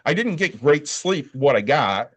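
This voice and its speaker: A tired man co-hosting a casual podcast, spinning a frustrated story with plenty of swearing. His voice sits a little higher than most men's. He acts out every character's line along the way. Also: a little slow. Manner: profane, animated storytelling with quoted dialogue. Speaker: podcast co-host. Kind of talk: casual chat.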